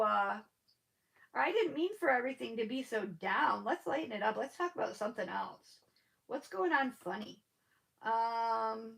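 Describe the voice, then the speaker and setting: Slow, gravelly woman with a lisp. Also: on the high side, a bit bright, poor audio. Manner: rambling, chatty, laughs often. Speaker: live-stream host. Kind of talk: casual chat with live viewers.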